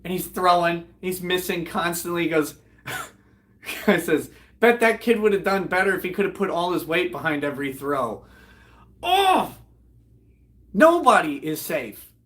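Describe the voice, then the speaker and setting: Profane animated man telling a story. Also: high-pitched, normal speed. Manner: profane, animated, laughs while retelling jokes. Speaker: host. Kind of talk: casual storytelling on a livestream.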